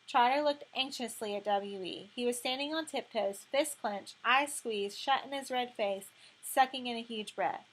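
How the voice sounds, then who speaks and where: Woman narrating a story, slightly high voice. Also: rough recording. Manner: measured, expressive storytelling. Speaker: audiobook narrator. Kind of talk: audiobook narration.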